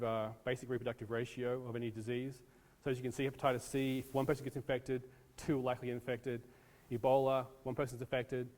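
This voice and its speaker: A man's voice: mid-range voice, a little mellow. Man lecturing in an echoey hall. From United States. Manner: casual, talks to audience, many ums. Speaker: disaster preparedness presenter. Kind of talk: classroom lecture. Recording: long reverb in a hall.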